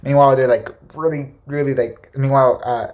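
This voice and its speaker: A young man giving casual, excitable movie commentary, gushing with repeated words and fillers. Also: medium pitch, brisk, lo-fi sound. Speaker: movie reviewer.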